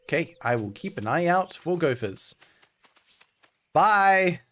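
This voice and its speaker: A man's voice: a little high, sing-song, takes it slowly, a bit bright, slight background noise. A male streamer giving dry, sarcastic commentary while playing a game.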